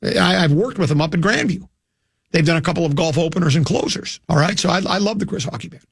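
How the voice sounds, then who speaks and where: A man's voice: fairly high pitch, expressive, quick pace, gravelly, breathy edge, no room sound, clean studio sound. An older man from hosting a radio show, telling a rambling, self-mocking anecdote with many restarts. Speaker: radio host.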